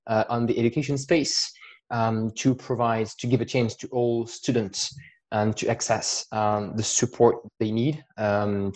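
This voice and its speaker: A man from the south of France with a French accent, a guest in a casual podcast interview, speaking thoughtfully and haltingly with many fillers. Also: mid-range voice, a little mellow. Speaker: guest, coach and startup founder.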